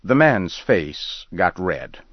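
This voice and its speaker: A man reading a scripted story aloud in a slow, measured way. The recording sounds dull and lo-fi. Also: sits low, very animated, dry recording.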